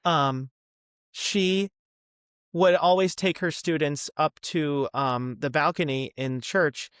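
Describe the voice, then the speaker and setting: A young man from the Midwest, a podcast guest chatting casually about his past with lots of ums and quick asides. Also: a little high, fairly bright tone, smooth, no room sound, clean studio sound. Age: young adult. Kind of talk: casual interview chat.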